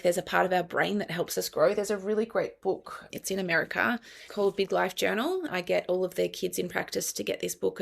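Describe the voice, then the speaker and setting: A woman's voice: fairly low pitch, gravelly. A middle-aged woman with an Australian accent, a family counselor explaining parenting earnestly in an interview. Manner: earnest, explanatory, with quoted dialogue. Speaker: guest, family and child counselor. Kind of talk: conversational interview.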